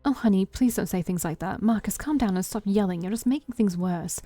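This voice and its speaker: A woman voicing a gentle, worried middle-aged mother who pleads and fusses mildly, raising her voice above her usual reading. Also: a little high, brisk, no room sound, faint music behind, pitched above the performer's own voice, natural voice. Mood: fretful. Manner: pleading, mild fussing.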